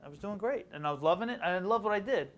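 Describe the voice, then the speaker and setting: Middle aged guy from long island, talks real fast, slightly high voice, guest chatting about his life. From Long Island, New York. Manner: fast, animated storytelling. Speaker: guest author and educator. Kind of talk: casual interview chat.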